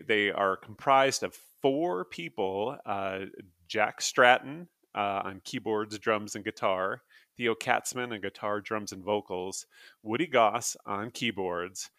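Male podcast co-host, low-ish voice, loose rambling delivery, dry close mic. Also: sharp tone, dry recording. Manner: rambling, laughing often, many restarts. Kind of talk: casual podcast chat.

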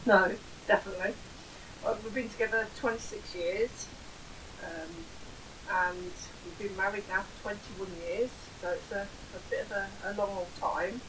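A woman in her forties from Northamptonshire with an English accent, co-hosting a podcast in casual banter, teasing and laughing, at times dropping to a breathy whisper. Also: mid-range voice, fairly even intonation, moderate pace, background noise. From Northamptonshire, England. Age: 40s. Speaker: podcast co-host.

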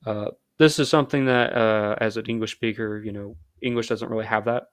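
A man's voice: lowish voice, steady tone, a little fast, no echo. An American man hosting a podcast in a casual, rambling monologue full of fillers and self-deprecating asides. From United States. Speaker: podcast host.

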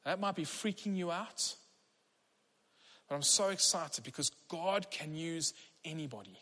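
Male pastor, earnest sermon, unhurried delivery, reverberant church hall. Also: a little high, expressive, bright, forceful tone. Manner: earnest, encouraging, leads the congregation in prayer.

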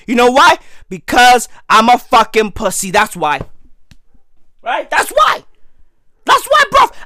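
A hoarse man losing his voice, delivering a loud, slangy comic rant that often breaks into shouting. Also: very high-pitched, no room sound, studio quality.

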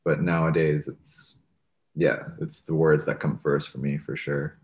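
Low-voiced young man, rambling and casual. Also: unhurried. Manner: relaxed, rambling, many fillers like "like" and "you know". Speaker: musician guest. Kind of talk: casual interview talk.

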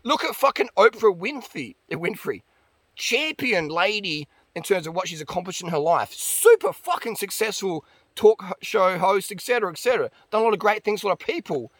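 A man's voice: sits high, very animated, fairly quick, fairly bright tone, no echo. A man ranting bluntly and profanely about dieting as a vlogger. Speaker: diet and fitness vlogger. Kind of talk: ranting monologue.

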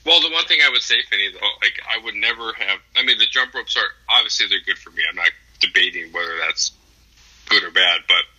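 A man's voice: on the low side, fast, bright, forceful tone, husky, rough recording. A young adult man co-hosting a podcast, telling a rambling story full of swearing and fillers. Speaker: podcast co-host. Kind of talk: casual chat, profane storytelling.

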